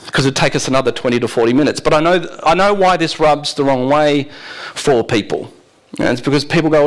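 In a low-quality recording, a pastor whose voice is a little high delivers a sermon in a conversational tone. He keeps laughing and asking the congregation rhetorical questions.

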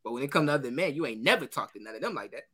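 A man's voice: mid-range voice, racing, breathy edge. A man co-hosting a casual podcast, telling a story with acted-out quotes and frequent laughter. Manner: animated storytelling, acts out quotes, laughs often. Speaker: podcast co-host.

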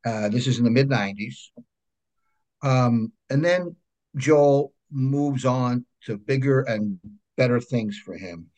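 A man with a New York accent, a guest telling lively anecdotes in a casual interview and often checking in with "right?". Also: mid-range voice, slow pace. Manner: animated anecdotes, frequent "right?" check-ins. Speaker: guest, comic book creator.

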